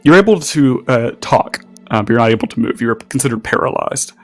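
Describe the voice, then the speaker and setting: A man running a tabletop game as game master, giving quick casual rulings. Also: mid-range voice, animated, faint music behind.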